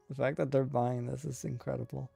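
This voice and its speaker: A young man streaming a game, reading its lines aloud between dry, offhand asides. His voice is gravelly and mellow, and the sound is dry and close. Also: medium pitch, no room sound. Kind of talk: casual gameplay commentary and reading game dialogue aloud.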